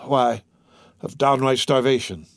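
A man voicing an eager, blunt innkeeper who talks in an anxious, hurried way. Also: medium pitch, no room sound, studio quality, lightly acted. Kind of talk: audiobook character reading.

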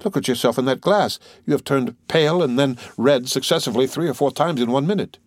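A man's voice: medium pitch, brisk, no room sound, clean studio sound, pitched above the performer's own voice, lightly acted. A man voicing a fashionable middle-aged baroness who chats in a simple, matter-of-fact way in an audiobook reading. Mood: chatty.

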